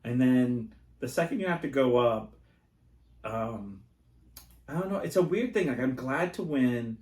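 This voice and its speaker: A man hosting a casual podcast chat, telling animated stories and acting out the voices of the people he quotes. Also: medium pitch, measured pace, distant mic. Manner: animated storyteller who acts out quoted voices. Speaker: podcast host. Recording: roomy echo.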